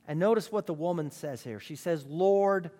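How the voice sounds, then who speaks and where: A man's voice: on the high side, animated, fairly quick, mellow. A man preaching a sermon with emphatic rhetorical questions. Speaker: pastor. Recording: long reverb of a large hall.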